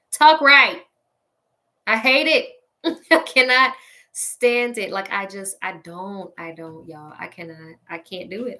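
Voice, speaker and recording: A woman hosting a show and delivering a casual, sassy comedic rant straight to her listeners, laughing often along the way. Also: medium pitch. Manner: sassy, petty, animated ranting. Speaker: podcast host.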